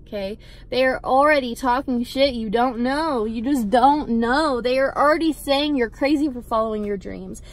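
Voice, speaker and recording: High-voiced young woman giving a blunt pep talk. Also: moderate pace. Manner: blunt, swearing, emphatic and repetitive. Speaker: vlogger. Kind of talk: motivational pep talk to camera.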